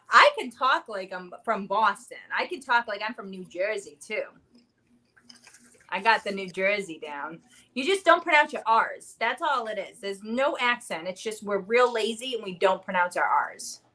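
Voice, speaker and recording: Her voice sits at a medium pitch, pushed and bright. She's a woman in her thirties running a casual livestream, chatting and rambling with plenty of fillers.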